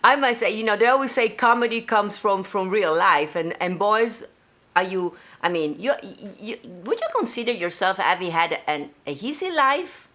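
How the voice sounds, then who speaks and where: A woman from Italy with an Italian accent, hosting a live-streamed show from her home, bubbly and halting with many restarts. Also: mid-range voice, expressive, fairly bright tone. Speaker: host.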